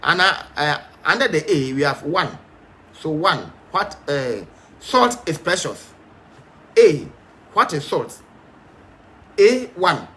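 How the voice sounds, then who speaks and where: A man's voice: fairly high pitch, big pitch swings, slow, long pauses, bright, forceful tone. A man teaching a Bible study in an emphatic, stern, repetitive way, with frequent fillers.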